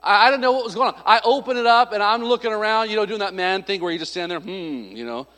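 This pastor's voice sits high and sharp, and he talks fast. Long hall reverb surrounds him as he humorously narrates a story in his sermon, voicing each person he quotes.

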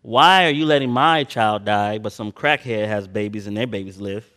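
A man preaching a sermon, reading scripture slowly and swinging between loud emphatic passages and quiet personal asides. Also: fairly low pitch. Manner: slow drawn-out Bible reading.

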